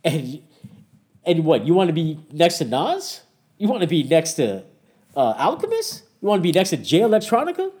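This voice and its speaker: A man in his thirties co-hosting a casual podcast, his voice mellow and dark. His pitch swings widely as he argues his points with emphasis and laughs along the way. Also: wildly swooping pitch, moderate pace. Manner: opinionated, emphatic, laughs often. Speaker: podcast co-host. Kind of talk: casual chat.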